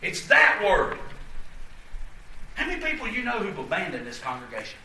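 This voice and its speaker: Male pastor, 40s, high lively voice, folksy sermon delivery, echoey church, distant mic. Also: moderate pace, a little hiss or hum. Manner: folksy, emphatic preaching with asides to the congregation. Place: church sanctuary.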